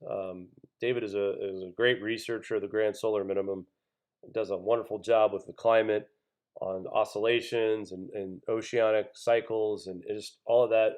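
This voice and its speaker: A man's voice: on the low side, a little mellow. A man hosting his own channel, reading weather news aloud and commenting on it in an indignant, conversational way, often calling his viewers folks. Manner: reads news items aloud then comments. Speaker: channel host.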